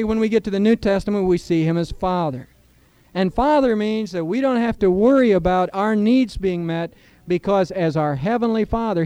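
A man's voice: sits high, warm tone, clear, resonant tone, dry recording. A middle-aged man preaching a sermon in church, earnest, with a rising emphasis on key points. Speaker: pastor.

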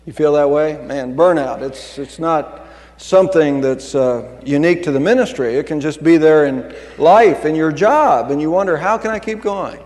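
Earnest pastor preaching in a reverberant church. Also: male voice, on the high side, moderate pace, a little mellow. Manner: earnest, conversational preaching with restarts. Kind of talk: sermon. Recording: long hall reverb.

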